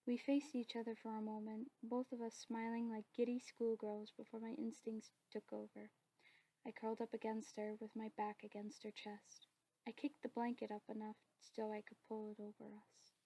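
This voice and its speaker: A woman narrating her own story in a soft, steady whispered role-play. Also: a little high, normal speed, rough recording.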